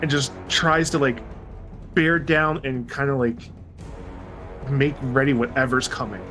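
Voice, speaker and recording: A man playing a tabletop game, describing his character in a hesitant, halting way. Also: medium pitch, fairly even intonation, sharp tone, soft background music, poor audio. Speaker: player.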